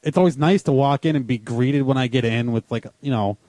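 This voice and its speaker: A man's voice: mid-range voice, brisk, warm tone, no room sound. A young man hosting a casual radio chat show, telling rambling, self-deprecating stories.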